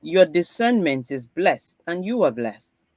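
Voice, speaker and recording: A woman reading Bible passages aloud in a steady, measured way. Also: on the low side, dry recording. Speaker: host reading scripture aloud.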